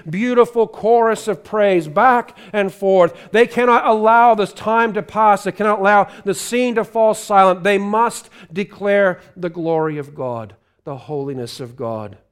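High, resonant preacher swinging loud to hushed. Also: male voice, clear, resonant tone. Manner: swings from loud proclamation to hushed, pleading intimacy. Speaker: guest preacher. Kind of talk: live sermon. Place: church sanctuary.

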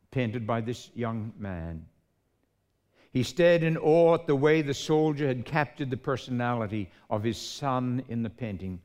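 A man preaching a sermon, telling a story dramatically and slowing for emphasis. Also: medium pitch.

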